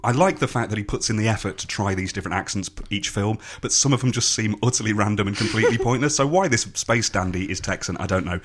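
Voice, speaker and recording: Fast-talking man, low voice. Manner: rambling, enthusiastic, swears casually. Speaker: podcast co-host. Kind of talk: casual film chat.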